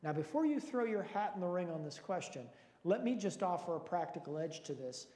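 Male pastor, mellow and earnest, quizzing his flock; reverberant room. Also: sits high, big pitch swings, a little fast. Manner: earnest, questioning, lightly joking. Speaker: pastor leading Bible study. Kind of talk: teaching sermon with prayer and questions. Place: large hall with long reverb. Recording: echoey reverberant hall.

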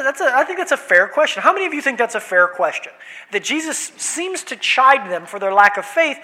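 A man preaching a sermon, animated, swinging between loud emphasis and hushed asides. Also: very high voice. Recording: long reverb of a hall.

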